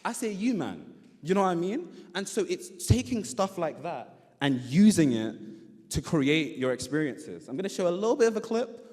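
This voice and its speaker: A young man, giving an animated conference talk and often laughing. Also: high-pitched, moderate pace. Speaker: conference speaker. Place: conference hall. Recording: long hall reverb.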